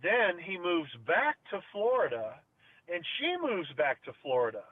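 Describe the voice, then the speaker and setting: A man's voice: sits high, wildly swooping pitch, a little slow, dry recording. A middle-aged man telling a long story in casual chat, rambling with lots of fillers and restarts. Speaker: podcast co-host. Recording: dry, phone-like narrow sound.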